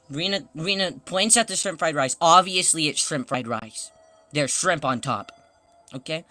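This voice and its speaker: A woman streamer in casual stream chat, an excitable storyteller who stumbles, restarts, swears and laughs often. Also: low voice, slow, no room sound, soft background music.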